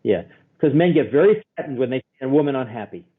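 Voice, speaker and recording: A man, a guest therapist, explaining in an animated storytelling way and acting out the voices he quotes. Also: mid-range voice, fast, slightly rough. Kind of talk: expressive explaining. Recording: tinny phone-like line.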